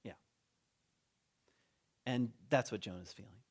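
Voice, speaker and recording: A man's voice: lowish voice, takes it slowly, husky. A man preaching a sermon in a conversational way, acting out the voices of the people in his story and dropping his voice for asides. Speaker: pastor.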